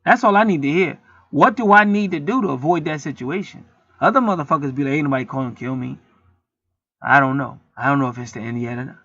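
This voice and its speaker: A man hosts his own channel and rants in a heated, preachy way, full of profanity. His voice is gravelly and sharp-edged, a little higher than most men's. The sound is dry and dull, like a lo-fi home recording. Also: animated, fast talker, no echo. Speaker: channel host. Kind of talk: casual rant to camera.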